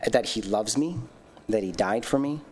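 A man giving a personal testimony in a sermon, earnest and animated, telling his story with many restarts and self-conscious laughs. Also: on the low side, normal speed, a little hiss or hum. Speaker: lay speaker giving a testimony.

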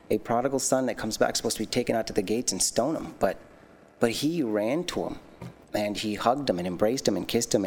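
A man giving a personal testimony in a sermon, earnest and animated, telling his story with many restarts and self-conscious laughs. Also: fairly low pitch, slight background noise. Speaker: lay speaker giving a testimony.

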